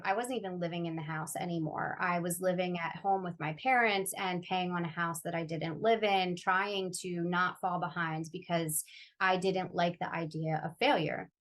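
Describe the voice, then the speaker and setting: A woman who works as a financial coach, answering interview questions candidly and sharing her own struggles in an earnest, heartfelt way. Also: on the low side. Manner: earnest, heartfelt, personal storytelling. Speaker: financial coach, podcast guest.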